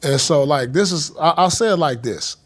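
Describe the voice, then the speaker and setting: A man's voice: a little high, expressive, normal speed. A man talking as a guest in a casual interview, explaining his view earnestly with frequent restarts.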